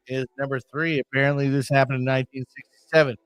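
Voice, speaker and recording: A man's voice: medium pitch, level tone, quick pace, hardly any pauses, clean tone, dry recording, soft background music. A man hosting a podcast in casual chat, rambling with crude joking asides. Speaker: podcast host.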